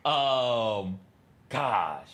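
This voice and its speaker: A man's voice: medium pitch, drawn-out words, a little hiss or hum. A man co-hosting a sports talk show, chatting casually and laughing as he retells famous rants. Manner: animated, laughing, acts out quoted rants loudly. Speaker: sports radio co-host.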